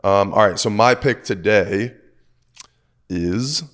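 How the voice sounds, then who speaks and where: A hoarse man co-hosting a sports betting show, chatting casually and upbeat about his picks. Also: lowish voice, slow, a bit bright. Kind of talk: casual chat.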